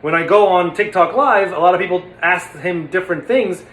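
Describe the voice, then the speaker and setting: A man's voice: sits high, brisk, a bit bright. A young man teaching puppetry in a casual, playful way, recorded in an echoey room. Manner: playful, demonstrative, slips into silly voices. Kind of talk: casual instructional talk. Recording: echoey room with faint noise.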